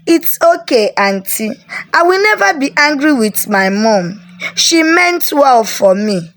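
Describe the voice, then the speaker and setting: A frightened teenage girl pleads through tears, her voice lifted high and earnest, as a woman storyteller puts her on. The stays plain under the raised, youthful tone. She speaks slowly and begs to be believed. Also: big pitch swings, a bit bright, heavily acted. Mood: relieved. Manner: tearful, pleading.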